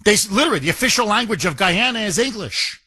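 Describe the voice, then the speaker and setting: Male talk radio host, sarcastic and outraged, bright tone, dry studio mic. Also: sits high, lively intonation, quick pace, husky, dry recording. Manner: mocking, indignant, mimics others in a whiny voice. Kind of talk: opinionated talk radio monologue.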